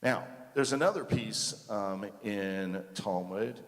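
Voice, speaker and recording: A man teaching a congregation in a relaxed, conversational way, often checking in with "okay?" and "right?" and asking the audience questions. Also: on the low side, takes it slowly. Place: large sanctuary. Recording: reverberant hall.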